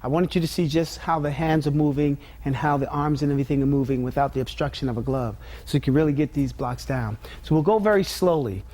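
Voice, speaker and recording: A man with a fairly high voice leads an instructional demonstration as a martial arts instructor. He calls out drill commands and talks through blocks and strikes step by step. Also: fast, few pauses, a little mellow.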